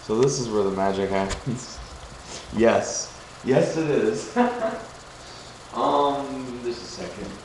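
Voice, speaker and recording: A young man streams from his home kitchen, tossing out crude jokes and wandering from one thought to the next. The webcam sound is roomy, with a steady layer of crickets and insects behind him. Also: mid-range voice, takes it slowly, pauses often. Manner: joking, crude, easily distracted. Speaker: webcam streamer chatting with viewers. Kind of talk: casual rambling live chat. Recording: roomy home room with noisy background.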